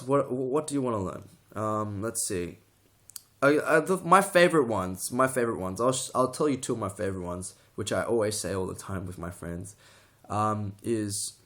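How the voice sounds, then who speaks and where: A man's voice: lowish voice, a bit bright. A young man talking to the camera in a casual tutorial, rambling, restarting sentences and getting sidetracked. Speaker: vlogger.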